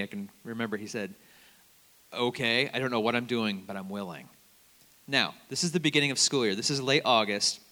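Bright-voiced man preaching in a reverberant hall. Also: medium pitch. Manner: conversational, animated storytelling with quoted voices. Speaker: campus minister. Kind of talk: sermon with storytelling.

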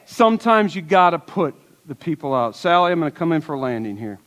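A man's voice: fairly high pitch, big pitch swings, brisk, a bit bright. A man preaching a sermon as pastor, telling stories in an earnest way and asking the congregation rhetorical questions. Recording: long hall reverb.

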